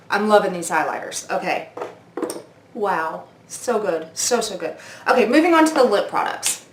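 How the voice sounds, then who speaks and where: A woman's voice: medium pitch, sing-song, moderate pace, roomy sound, noisy background. A woman in her forties doing a makeup review vlog, gushing and oohing as she tries products at her mirror. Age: 40s. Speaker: beauty vlogger.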